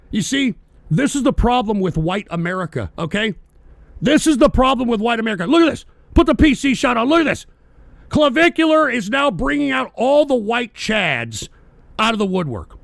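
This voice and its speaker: A male radio host rants with fury, swearing freely and often breaking into shouts. His voice sits very high for a man and carries a gravelly rasp. The recording is dry and close, with no room echo. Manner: profane, ranting, often shouting. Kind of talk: angry political rant.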